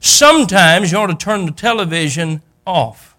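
An older man preaching a sermon, telling a Bible story in a folksy way and acting out the characters, rising to loud peaks. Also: high voice, animated, moderate pace.

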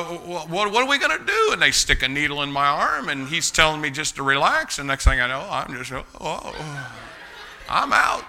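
Older man, folksy yarn-spinner, very bright tense tone, chuckles through it. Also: medium pitch, smooth. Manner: folksy, chuckling, acts out the motions. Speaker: storyteller. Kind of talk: casual spoken storytelling.

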